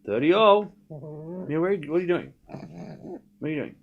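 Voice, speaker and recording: A young man hosting a live tennis watchalong stream, chatting casually and excitedly repeating the score as points are played. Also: a little high, normal speed, vocal fry, lo-fi sound, a little hiss or hum. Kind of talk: live casual play-by-play commentary.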